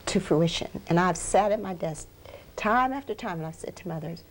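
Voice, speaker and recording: A woman's voice: lowish voice, expressive, moderate pace, slight background noise, rough recording. A woman minister giving a heartfelt, emotional testimony in an interview, earnestly repeating phrases for emphasis. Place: research center.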